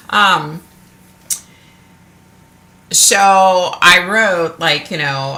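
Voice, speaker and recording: A woman's voice: low-pitched, creaky, sharp tone. A woman hosting a live stream from home, chatting frankly with viewers and swearing casually. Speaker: livestream host.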